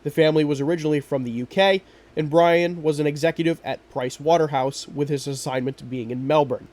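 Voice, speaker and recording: A man hosting a podcast, narrating a true crime case in a steady, measured way. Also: a little high. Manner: steady, measured storytelling with quoted lines. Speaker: podcast host.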